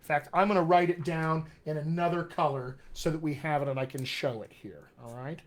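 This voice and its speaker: A man's voice: fairly high pitch, fairly even intonation, fairly quick. A man teaching accents on a live stream, reading viewer comments aloud in an upbeat, chatty, encouraging way. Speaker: dialect coach.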